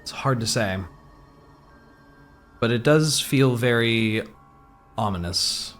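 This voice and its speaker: Man, game master, slow measured narration, pauses to think, mid-pitched. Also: a bit bright, faint music behind. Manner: halting, thoughtful narration.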